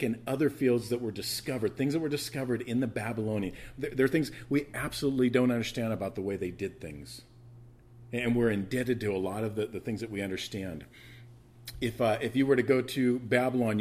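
A man preaching a sermon in a conversational teaching manner, with restarts and asides, who repeats phrases for emphasis and rises into loud, emphatic bursts. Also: medium pitch, slightly rough. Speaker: pastor.

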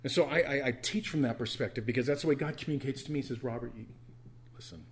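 Husky-voiced man preaching earnestly. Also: mid-range voice, racing. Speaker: pastor. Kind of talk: sermon. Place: church.

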